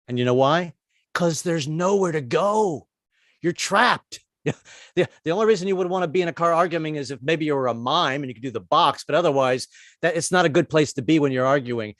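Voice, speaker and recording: A man's voice: a little high, dry recording, clean studio sound. A man in his sixties doing a stand-up comedy set, rambling and self-deprecating with stammered restarts. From United States. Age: 60s.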